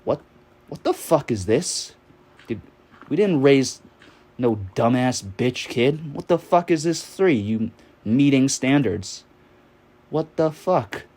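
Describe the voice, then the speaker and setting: A man's voice: mid-range voice, animated, slow, pauses often, voice pushed up. A young man imitating his angry, strict immigrant father scolding his son with a raised, swearing voice. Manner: yelling, swearing.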